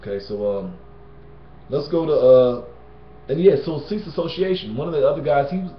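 A man's voice: fairly high pitch, normal speed. A man giving a casual Bible teaching in a slangy, conversational way, often adding "you know what I'm saying" and "man.". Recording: roomy, dull lo-fi sound.

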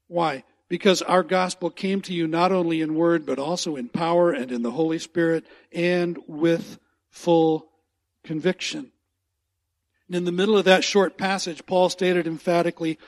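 A man's voice: a little high, fairly even intonation, normal speed. A man preaching a sermon as pastor in a church, earnest and repeating key phrases for emphasis. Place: church sanctuary.

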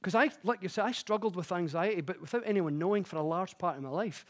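A man speaks from a conference stage with a high, light voice. He explains ideas plainly, then slips into chatty, self-mocking stories told with growing energy. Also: quick pace. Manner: chatty, self-mocking storytelling that grows animated. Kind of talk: public talk with personal anecdotes. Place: conference stage before an audience.

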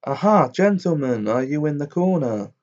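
A pack of storybook robbers sneers and threatens in a raised, taunting voice, as a male narrator puts them on. The recording is dull and lo-fi, and the voice keeps a mellow tone. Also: a little high, animated, moderate pace, close to an everyday voice. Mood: mocking. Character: gruff band of menacing male robbers.

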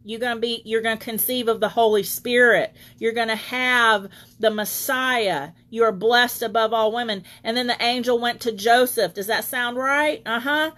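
A woman's voice: on the high side, fairly even intonation, normal speed, hardly any pauses, a bit bright. Woman preaching Bible study online. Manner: reads scripture aloud, greets online viewers by name.

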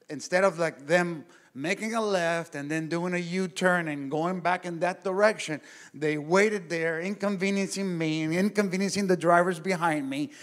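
Man, pastor, casual church storytelling, animated, talks to the audience, somewhat high voice. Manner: animated, conversational, addresses the audience directly. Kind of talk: casual storytelling to a men's group. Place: church gathering room.

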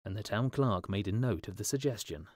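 A man reading a fairy tale aloud as a storyteller, in slow, clear scripted narration for English learners. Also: fairly low pitch, darkish tone, dry recording, clean studio sound.

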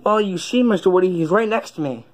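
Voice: medium pitch, quick pace, slight background noise, natural voice. A performer voicing a naive, mischievous young boy in a comedic puppet skit, talking in a plain, whiny, matter-of-fact way.

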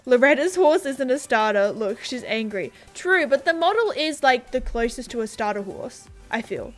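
A young Australian woman streams a game and chats casually with viewers, reading their comments. Her high, animated voice moves at a moderate pace with faint music behind it. She's bubbly and scattered, saying "like" a lot and giggling.

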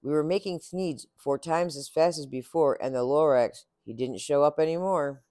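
A man's voice: a little high, moderate pace, warm tone, dry recording, clean studio sound. A man narrating a rhyming children's storybook aloud with a rhythmic, sing-song delivery. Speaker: storybook reader.

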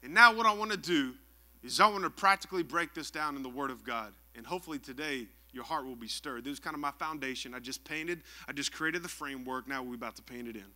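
A young man preaching a lively sermon as pastor, calling out to the congregation for responses. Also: medium pitch.

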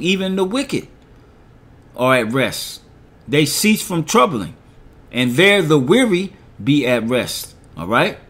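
A middle-aged man delivers a sermon. He reads scripture in a slow, measured way and comments on each verse. He keeps checking in with his listeners by asking "all right?". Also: a little high, fairly bright tone. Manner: reads verses slowly, asks "all right?" after nearly every point. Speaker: preacher.

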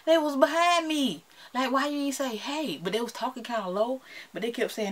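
Brisk and animated with a higher voice, an American woman with a Southern accent chats playfully to camera as a beauty vlogger. She laughs often throughout the casual chat.

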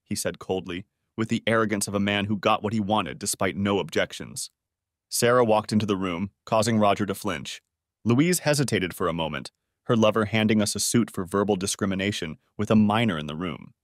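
A man narrating a dramatic first-person story in a lively storytelling manner. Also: lowish voice, fairly quick, dry recording, clean studio sound.

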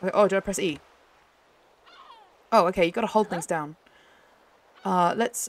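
A young woman host chatting excitedly as she plays a game, often laughing. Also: medium pitch, moderate pace, gravelly, long pauses. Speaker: gaming channel host. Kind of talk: casual gameplay commentary.

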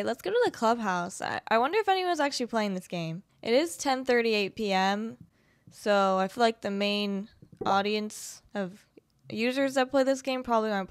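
A woman's voice: mid-range voice, dry recording. A woman in her twenties giving casual gameplay commentary, chatty and sarcastic, with casual swearing. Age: 20s. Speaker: gaming video creator.

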